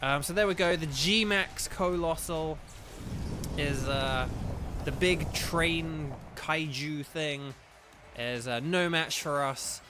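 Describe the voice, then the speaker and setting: A man commentating his own gameplay live, excitable and chatty, often exclaiming and speaking to chat. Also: fairly high pitch, takes it slowly, music in the background. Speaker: gaming video host.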